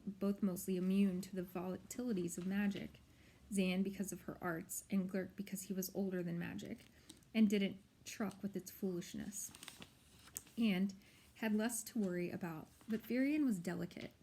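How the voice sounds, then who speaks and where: A woman narrating an audiobook in a measured, expressive storytelling way. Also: mid-range voice. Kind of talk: audiobook reading.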